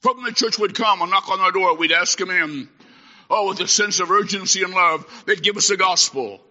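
A man preaching a sermon, swinging from shouted exhortation to hushed storytelling as a traveling preacher. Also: sits high, brisk. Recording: echoey hall, dull lo-fi sound.

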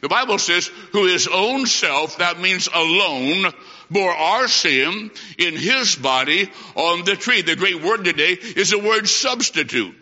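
A bright, fairly high-voiced middle-aged man preaching a revival-style sermon with a folksy, homespun manner. His voice rings out through a large hall with a long reverb, and the old recording sounds dull and lo-fi. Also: lively intonation, unhurried. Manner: folksy, addresses listener as my friend, homespun illustrations. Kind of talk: evangelistic sermon.

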